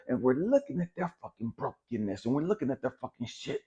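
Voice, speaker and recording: A man's voice: medium pitch, expressive, a little fast, few pauses, dark tone, husky. A man giving a blunt, profane spiritual motivational monologue, repeating his points for emphasis. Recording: dull lo-fi recording.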